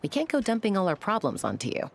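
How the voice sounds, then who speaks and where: A woman voicing a confident young woman warrior leader in a game, speaking briskly and with self-assurance. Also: mid-range voice, wildly swooping pitch, creaky, heavily acted. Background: game music.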